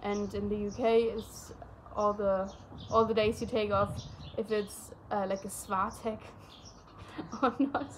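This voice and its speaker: A woman's voice: medium pitch, little pitch movement, slow, slight background noise. A young woman whose first language is German, chatting casually and rambling with many fillers. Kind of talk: casual chat.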